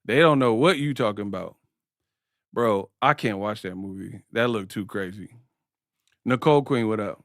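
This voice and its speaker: A man's voice: lowish voice, normal speed, no room sound, clean studio sound. A man hosting a live-stream sports talk show. He speaks in slang, jokes, and keeps breaking into impressions. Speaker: host.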